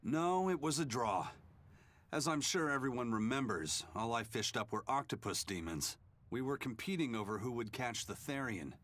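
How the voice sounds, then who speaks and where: A man's voice: medium pitch, expressive, moderate pace, a bit bright. An actor playing a stern, principled male pirate captain in a game, speaking firmly and matter-of-factly. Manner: firm and matter-of-fact. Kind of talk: game voice acting.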